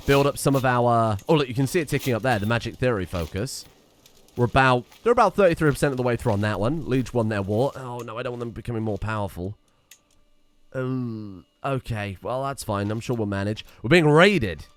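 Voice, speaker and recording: A man's voice: medium pitch, lively intonation, fairly quick. A man giving casual commentary while playing a strategy game, thinking aloud and adding wry asides. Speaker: let's play streamer.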